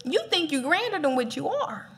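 A woman's voice: sits high, very animated, moderate pace. A woman preaching a casual, playful sermon, laughing often as she talks.

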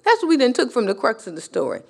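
A woman's voice: fairly high pitch, wildly swooping pitch, fast, vocal fry, darkish tone. A woman teaching a sermon in a conversational style, with rhetorical questions and passionate rises that climb to near cries. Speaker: Bible teacher.

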